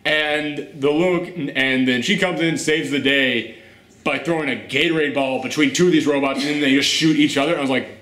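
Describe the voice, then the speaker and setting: A man hosting a casual movie rant, animated and exasperated, swearing and laughing often. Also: fairly high pitch, fairly quick. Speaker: host. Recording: roomy echo.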